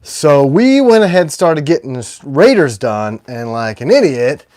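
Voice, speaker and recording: A man's voice: on the high side, very animated, moderate pace, a little mellow, dry recording, clean studio sound. A man hosting a casual livestream as a knife maker, rambling and self-deprecating.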